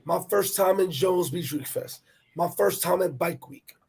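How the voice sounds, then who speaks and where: A man telling a personal travel story in animated, profane street talk, repeating words as he goes. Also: high-pitched, measured pace, vocal fry, a little hiss or hum. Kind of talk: casual storytelling chat.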